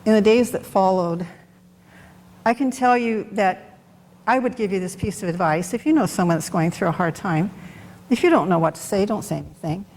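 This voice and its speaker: In a darkish mid-range voice at a moderate pace, a middle-aged woman gives a frank, unrehearsed testimony at a Bible study, speaking as if in conversation. Faint background noise and long hall reverb can be heard.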